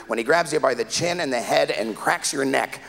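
A man's voice: medium pitch, moderate pace, gravelly, fairly bright tone, soft background music. A man performing a live stand-up comedy set, telling rambling, exasperated stories. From Canada. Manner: rambling, exasperated storytelling with acted-out voices. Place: comedy club stage before a live audience. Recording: live club recording with long hall reverb.

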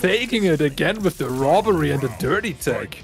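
A man co-commentating a fighting-game match live, breaking down plays with excitable analysis. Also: a little fast. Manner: excitable analysis, jumps in pitch. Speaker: esports co-commentator. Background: game music.

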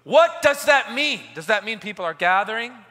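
A man preaching a live church sermon. He moves from quiet asides to loud, emphatic declarations and leads the congregation in call-and-response. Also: sits high, animated, moderate pace. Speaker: pastor. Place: large church hall at a live service. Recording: long reverb of a large hall.

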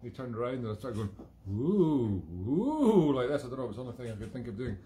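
A man's voice: mid-range voice, fairly even intonation, rapid-fire, a little mellow. A Scottish man hosting a live-streamed music show from home, chatting in a rambling, digressive way with self-mocking humour. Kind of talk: rambling casual monologue.

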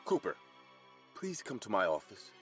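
A man voicing a grieving middle-aged woman hospital supervisor who speaks low and urgently. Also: huge pitch swings, normal speed, a bit bright, faint music behind.

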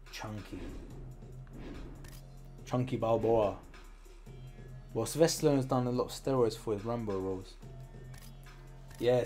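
A man with a British accent giving casual commentary while he plays a video game. He is chatty, then drops into quiet muttering while he concentrates. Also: mid-range voice. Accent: British English. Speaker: gaming streamer.

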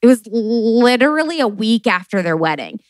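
A woman in her late twenties hosting a live podcast, telling stories in an animated, chatty way with lots of fillers and swearing. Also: on the high side, moderate pace, no echo. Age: late 20s. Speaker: podcast host.

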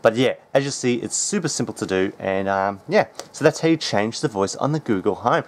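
A man hosting a casual tech how-to, talking in a relaxed, chatty way with plenty of ums. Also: on the low side, a little fast. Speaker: tech tutorial host.

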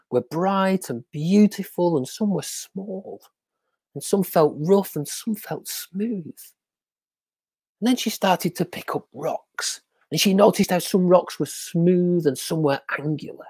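A storyteller telling a children's story on a livestream, drawing out repeated words and dropping into hushed whispers for suspense. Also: medium pitch, breathy edge, dry recording. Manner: slow, drawn-out repetition for effect.

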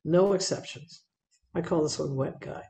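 A woman speaks to an audience about her photos with a gravelly edge in her voice. Her delivery is chatty and lively, full of small fillers and restarts. The sound carries the echo of a room. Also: sits low, moderate pace. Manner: conversational and animated, with fillers and repeats. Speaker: wildlife speaker presenting slides. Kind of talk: public talk narrating photos.

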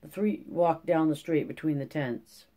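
An audiobook narrator reading a classic novel aloud at a steady pace, with occasional slips and restarts. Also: medium pitch, unhurried.

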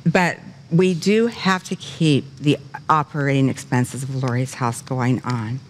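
Animated older woman hosting a faith show. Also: very deep voice, unhurried. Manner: animated, gushing storyteller; earnest preaching cadence. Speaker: talk show host. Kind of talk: faith talk show fundraising appeal.

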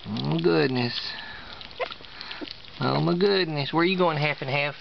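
A Southern man with a fairly high voice coos and coaxes in playful baby talk, repeating his phrases in a sing-song lilt. His East Tennessee drawl comes through a dull, lo-fi home video sound with clear background noise. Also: measured pace. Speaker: dog breeder. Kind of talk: baby talk to puppies while filming.

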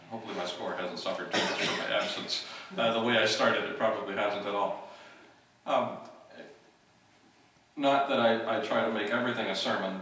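Middle-aged man, church outreach worker, lowish voice, loose halting delivery, recorded from a distance in a booming hall. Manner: relaxed, halting, with frequent fillers and restarts. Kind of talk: informal church talk. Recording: distant mic in an echoey hall.

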